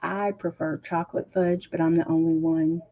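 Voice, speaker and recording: A woman hosting a casual livestream, reading viewer comments aloud and chatting with a husky voice. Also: sits low, flat delivery, normal speed. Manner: chatty, laughs often, reads chat aloud. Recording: dull lo-fi stream audio.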